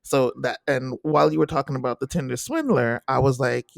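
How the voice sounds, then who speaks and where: A man co-hosting a podcast in casual chat, animated and repeating himself as he talks in bursts. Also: mid-range voice, brisk, gravelly, hardly any pauses, no room sound, studio quality. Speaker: podcast co-host.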